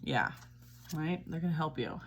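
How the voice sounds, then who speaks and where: A woman's voice: low-pitched, expressive, moderate pace, background noise. A woman giving a casual tarot reading, chatty and reassuring, often checking in with "all right?". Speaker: tarot reader.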